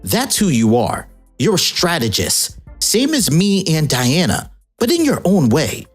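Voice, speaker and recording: A woman voicing a calm male strategist hero, quoted in a comic recap. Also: low-pitched, unhurried, husky, soft background music, heavily acted. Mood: earnest.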